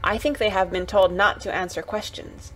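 A woman's voice: medium pitch, steady tone, normal speed, slight background noise, lightly acted, low-quality recording. A woman voicing a curious, wary ten-year-old girl who speaks carefully and a little nervously, read from a storybook. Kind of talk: storybook reading.

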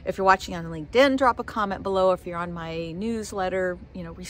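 A woman's voice: on the low side, quick pace, fairly bright tone, a little hiss or hum. A middle-aged woman vlogging, telling a personal story to camera in a heartfelt, emotional way.

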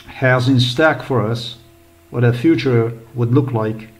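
A man talks through a screen recording in a rambling, agitated way. His pitch sits in the middle range, and he repeats words and curses often as he goes. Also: takes it slowly, rough recording. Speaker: vlogger.

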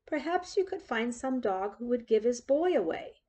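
A woman voicing a kindly mother dog in a storybook read-aloud, gentle and reassuring. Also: on the high side, very animated, normal speed.

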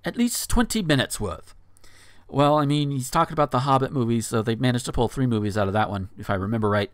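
A man's voice: mid-range voice, steady tone, racing, smooth, no room sound. A man in his thirties hosting a podcast, chatting casually and breaking into incredulous, swearing outbursts. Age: 30s. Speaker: podcast host. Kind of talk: casual podcast chat with dramatic readings.

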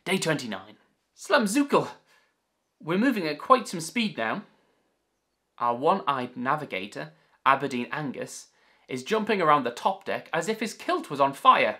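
A man's voice: on the high side, sing-song, normal speed, sharp tone, full character voice. A man voicing a bold old sea captain as he reads out his log, in a jolly, theatrical storybook style. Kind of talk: storybook reading.

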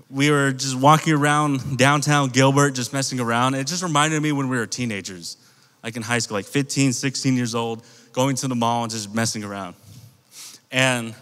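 Youth pastor, American man, mid-pitched, chatty storyteller talking straight to the kids, long hall reverb. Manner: conversational, animated storytelling, addresses the youth group directly. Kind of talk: casual youth sermon with storytelling.

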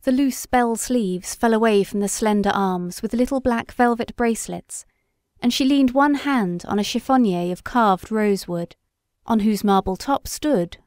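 A woman narrating a classic story in a measured, steady storytelling voice. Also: fairly high pitch, no room sound, clean studio sound. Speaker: audiobook reader. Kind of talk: scripted literary narration.

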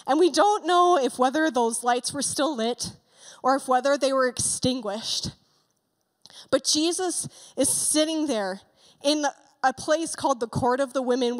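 A woman pastor preaching a sermon, retelling a story vividly with excited asides. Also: high-pitched, big-room sound, low-quality recording. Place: church sanctuary.

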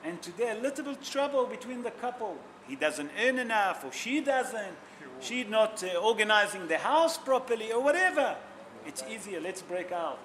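A rabbi delivers a sermon in a high, bright voice, telling stories with feeling and putting questions to his audience. He speaks English as a non-native speaker, with simple grammar. A faint noise sits under the recording. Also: sing-song, normal speed, hardly any pauses. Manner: emotional storytelling, asks the audience questions.

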